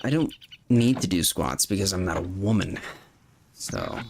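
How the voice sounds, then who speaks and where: A man's voice: deep voice, lively intonation, normal speed, gravelly, a little mellow, slight background noise. A young man hosting a gaming stream, firing back jokes and self-mocking comebacks in casual banter. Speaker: streamer host.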